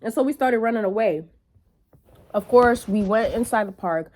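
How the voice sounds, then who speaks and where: A young woman vlogging in a casual, animated storytelling way, full of profanity and quick asides to her viewers. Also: fairly high pitch.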